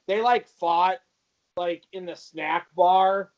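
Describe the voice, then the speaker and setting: A man's voice: sits high, slow. A middle-aged man in a casual podcast chat, telling stories in a chatty, self-mocking way. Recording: dull lo-fi sound.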